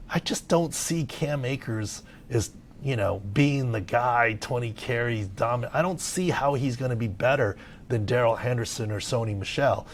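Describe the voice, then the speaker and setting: A middle-aged man from Southern California, talking casually as a sports medicine analyst on a podcast, animated and full of filler words. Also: mid-range voice, moderate pace, a little hiss or hum.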